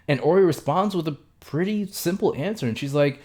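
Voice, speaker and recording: A young man hosting a casual episode review, talking loosely with many fillers and self-corrections and tossing in quick impressions of the characters. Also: on the high side, big pitch swings, a little mellow. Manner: mimics characters' lines in quick asides. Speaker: show reviewer.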